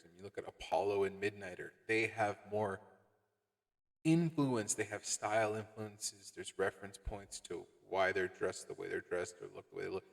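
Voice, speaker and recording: A man hosting a commentary show, ranting sarcastically and swearing as he tears into a comic. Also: sits low. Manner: sarcastic, exasperated, swears a lot. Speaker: commentary host. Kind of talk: profane review rant. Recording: long reverb.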